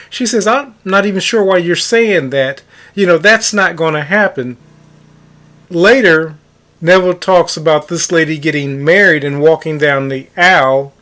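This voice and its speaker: Here a manifestation coach speaks in a somewhat high, slightly bright voice. Telling a story casually, he punches words for emphasis and keeps calling his listeners "guys."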